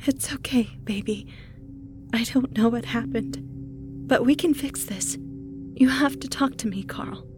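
A man voicing a frightened wife and mother who pleads in a strained falsetto. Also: little pitch movement, moderate pace, over music.

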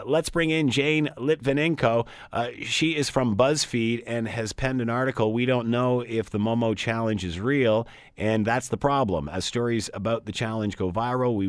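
A man's voice: on the low side, dry recording. A man hosting a talk radio show, interviewing guests in a conversational way with fillers and restarts.

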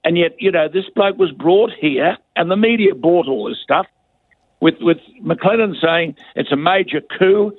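A man's voice: high-pitched, moderate pace, no echo. An older man giving blunt, scathing radio commentary as a guest, heard over a phone line. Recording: dry tinny phone line.

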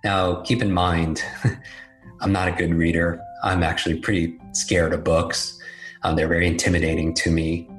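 A man's voice: low-pitched, flat delivery, moderate pace, faint music behind, rough recording. A man telling a personal story in a candid, self-deprecating, conversational way. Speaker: speaker telling his life story. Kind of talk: storytelling talk.

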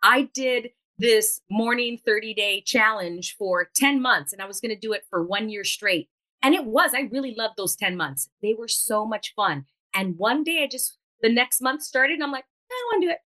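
A woman's voice: fairly high pitch, animated, normal speed, bright, forceful tone, low-quality recording. A woman guest on a podcast, earnestly explaining ideas in casual chat and playfully acting out quotes.

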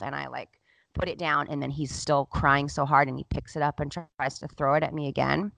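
A woman's voice: sits low, fairly even intonation, brisk, creaky, a bit bright, dry recording. A woman in her thirties hosting a podcast, telling a personal story in a candid, emotional way with lots of "like". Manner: candid, emotional, heavy use of "like". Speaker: podcast host. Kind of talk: casual storytelling chat.

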